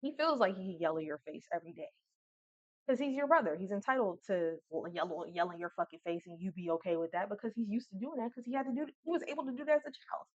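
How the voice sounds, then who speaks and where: A woman's voice: mid-range voice, fast, no room sound, highs cut off. A woman giving a casual spoken reading, blunt and profane, talking frankly to the listener. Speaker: tarot reader.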